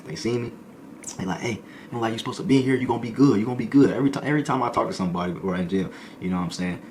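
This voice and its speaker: A man's voice: low voice, a little hiss or hum. A man telling a story in a casual, slangy way, now and then acting out other people's voices.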